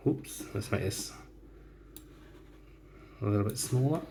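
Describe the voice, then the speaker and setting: Slow, low-voiced man dictating a story lesson. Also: lively intonation, gravelly, a little mellow, slight background noise. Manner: slow, deliberate dictation, speaking punctuation aloud. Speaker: teacher. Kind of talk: typing while dictating a model story.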